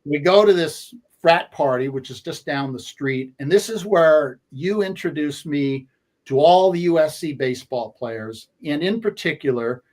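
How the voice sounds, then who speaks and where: Sports radio co-host in his 60s, storytelling, halting delivery full of fillers. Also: a little high, lively intonation, a little mellow. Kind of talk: conversational storytelling.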